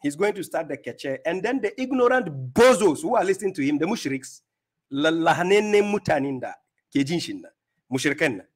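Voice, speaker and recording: A man's voice: on the high side, big pitch swings, a little fast. Scornful man mocking a clip. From Ghana. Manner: scornful, taunting, laughs at his opponent. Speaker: host reacting to a clip. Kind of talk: mocking rebuttal commentary.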